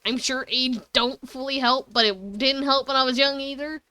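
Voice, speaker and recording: A woman's voice: high-pitched, moderate pace, bright, forceful tone, clean tone, dry recording. Giggly, foul-mouthed young woman streamer. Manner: giggly, swears freely; rambling, self-correcting. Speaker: game streamer. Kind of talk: casual live-stream chat.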